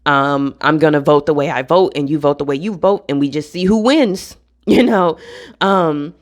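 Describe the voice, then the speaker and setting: A woman's voice: deep voice, normal speed. Blunt, profane woman ranting to camera. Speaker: vlogger.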